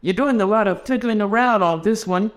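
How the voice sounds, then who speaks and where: A man's voice: high-pitched, brisk, pitched above the performer's own voice, close to an everyday voice. A man reading the part of a doubting female angel in a skeptical, lifted voice. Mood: doubtful.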